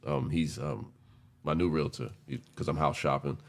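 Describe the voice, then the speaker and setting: A very deep-voiced man in his forties chatting on a podcast. He talks candidly and loosely, rambling through his thoughts with street slang and occasional swearing. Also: steady tone, moderate pace. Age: 40s. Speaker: podcast co-host. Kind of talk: casual chat.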